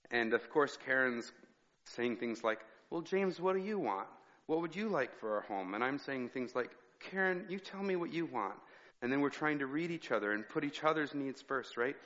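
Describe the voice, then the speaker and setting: A man's voice: mid-range voice, a bit bright. A male pastor giving a conversational sermon, weaving personal stories into his teaching. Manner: conversational preaching with personal anecdotes. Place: church sanctuary. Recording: reverberant hall, dull sound.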